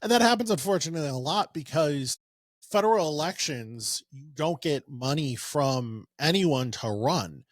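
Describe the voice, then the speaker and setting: Man, podcast co-host, slightly high voice, rambling and sarcastic, dry close sound. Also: animated, moderate pace, no room sound. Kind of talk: casual political podcast chat.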